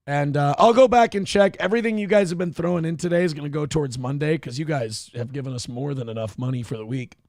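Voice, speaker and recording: A man in his thirties hosting a live stream, with a gravelly, fry-laden voice pitched a bit above the usual. He talks in a brash, mocking way and breaks into sudden yelled outbursts. The sound is dry and close, with no room around it. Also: fast talker, few pauses, no echo. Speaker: livestream show host. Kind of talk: crude casual livestream commentary.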